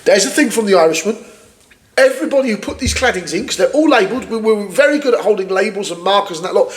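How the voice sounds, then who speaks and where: A man's voice: high-pitched, lively intonation, fast talker. A man co-hosting a podcast, reading news aloud and ranting angrily with lots of swearing. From United Kingdom. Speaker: podcast co-host. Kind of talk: casual ranting political chat.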